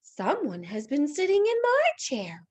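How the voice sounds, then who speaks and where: A woman's voice: sits high, huge pitch swings, measured pace, a little mellow, voice pushed up, full character voice. A woman voicing a middle-sized mother bear in a raised, emphatic voice. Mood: indignant.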